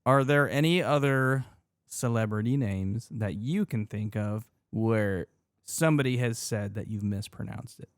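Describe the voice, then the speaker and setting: A man's voice: fairly low pitch, unhurried, smooth, dry recording, studio quality. A man hosting a podcast in casual chat, teasing his co-host and laughing often.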